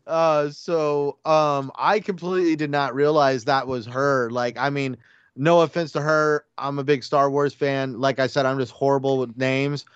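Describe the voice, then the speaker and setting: A man chatting casually on a gaming podcast, rambling excitedly with lots of fillers and restarts. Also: medium pitch, measured pace, clear, resonant tone, dry recording, dull audio. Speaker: podcast panelist. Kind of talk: casual chat.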